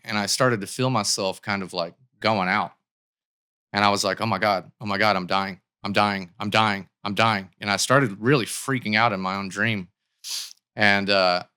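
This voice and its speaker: A man with a slightly low, bright and clear voice tells a story in a casual podcast interview. He talks loosely, full of likes and restarts, into a studio microphone. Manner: conversational, with many likes and restarts. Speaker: podcast guest.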